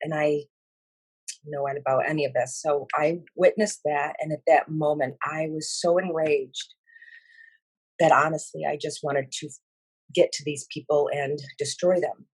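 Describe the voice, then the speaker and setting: A woman slowly and earnestly recounting a spiritual vision in halting speech with many fillers. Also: low voice, fairly even intonation, breathy edge, dry recording. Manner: emotional and earnest. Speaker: speaker sharing a spiritual vision. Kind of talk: personal account of a vision.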